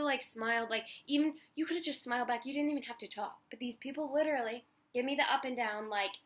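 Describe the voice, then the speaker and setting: A woman's voice: on the high side, brisk, fairly bright tone. Chatty young woman vlogging on a walk. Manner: chatty, heavy use of "like", acts out quoted people. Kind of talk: casual personal vlog. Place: outdoors on a beach, walking.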